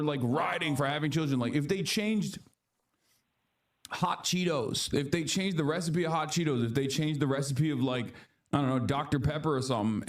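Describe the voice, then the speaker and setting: A male streamer commenting casually on gaming news in a dismissive, mocking tone. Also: mid-range voice. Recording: distant clip played back.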